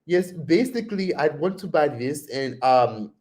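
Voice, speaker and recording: A man's voice: expressive, a little slow, darkish tone. A man voicing himself in a put-on foreign accent while haggling at a market stall. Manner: high, sing-song put-on accent.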